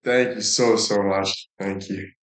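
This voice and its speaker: A man's voice: on the low side, fairly even intonation, a little slow, a bit bright. A young man livestreaming, telling rambling stories in a casual chat with lots of swearing. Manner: crude, rambling storytelling with frequent swearing. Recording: echoey room.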